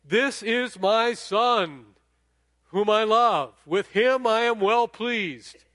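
Man doing a heavenly God voice, booming, slow, solemn, dry sound. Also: steady tone, fairly bright tone, smooth, no room sound. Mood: proclaiming. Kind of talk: sermon.

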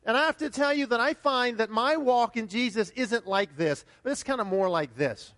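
A male pastor preaching a sermon in an animated way, often repeating his words and acting out highs and lows with exclamations. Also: moderate pace. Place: church sanctuary. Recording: long hall reverb.

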